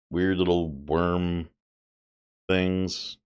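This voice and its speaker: A man streaming a game talks in a deep, relaxed voice. He comments in a chatty, amused way and thinks aloud at an easy pace. His pitch moves around a lot. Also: unhurried, long pauses.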